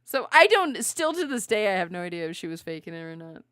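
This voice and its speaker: A woman co-hosting a podcast in casual chat, telling animated stories, acting out quotes and laughing often. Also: lowish voice, quick pace, clear, resonant tone, dry recording, studio quality. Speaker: podcast co-host.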